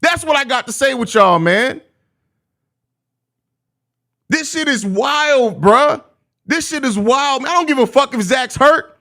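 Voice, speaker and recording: A man's voice: very high voice, animated, slow, long pauses, bright, forceful tone. A young man hosting a live postgame stream, ranting in exasperated, profane slang about his team's loss. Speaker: host of a live postgame show.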